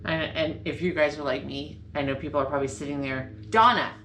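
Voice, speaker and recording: In an echoey home sewing room with faint ambience and slight background noise, a woman talks fast in a low, flat voice. She hosts a casual sewing vlog, bubbly and rambling, frequently correcting herself.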